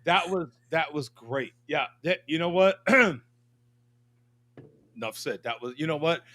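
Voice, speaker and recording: A man hosting a casual livestream chat, excitable and quick to laugh. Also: on the high side, no room sound. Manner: excitable, laughs often, restarts. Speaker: host.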